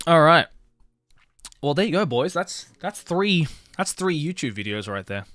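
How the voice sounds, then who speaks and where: A man's voice: a little high, very animated, unhurried, fairly bright tone, no echo. A young man streaming casually, rambling about music with lots of fillers and casual swearing. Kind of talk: casual livestream chat.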